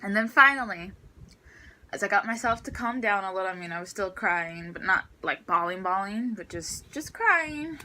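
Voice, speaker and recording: A woman's voice: medium pitch, lively intonation, moderate pace, pushed and bright, poor audio. A teenage girl ranting in a storytime vlog about her school day, exasperated and full of fillers. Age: teens. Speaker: student vlogger.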